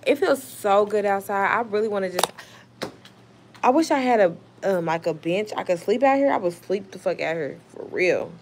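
A woman's voice: medium pitch, expressive, normal speed, slight background noise. A young woman hosting a casual live stream outdoors, reading chat aloud and answering, blunt and swearing freely. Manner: blunt, swears freely, talks back to trolls. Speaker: livestream host reading chat. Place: outdoors at home, evening.

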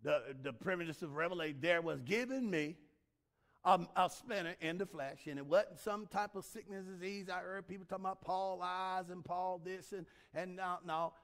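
A man preaching a sermon as pastor, emphatic, swinging from loud shouts to low asides and repeating words for emphasis. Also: moderate pace.

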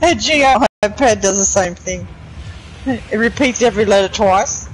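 A man's voice: high voice, moderate pace, slight background noise, rough recording. A man chatting casually while streaming a game, giggling often, from a car park. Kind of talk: casual gameplay commentary.

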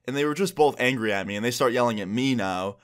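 A young man narrating a casual storytime for his channel. He talks in an animated, chatty way and leans on fillers. His voice sits at an ordinary middle pitch. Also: fast talker. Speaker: vlogger.

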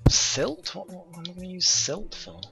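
A man's voice: sits high, sing-song, fast, gravelly. A man giving dry, sarcastic running commentary while playing a game over a voice call. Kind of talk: casual gameplay commentary. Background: loud game music.

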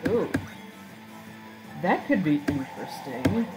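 A woman's voice: deep voice, very animated, slow pace, over music, rough recording. A woman chatting casually and making joking asides while she plays a video game. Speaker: let's-play gamer. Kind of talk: casual gameplay commentary.

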